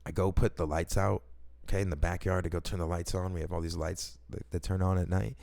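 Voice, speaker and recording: Sitting low in pitch with some vocal fry, this man talks a little fast as he recounts personal stories. It's casual and rambling, excitable and slangy, with frequent cursing and sentences he begins again.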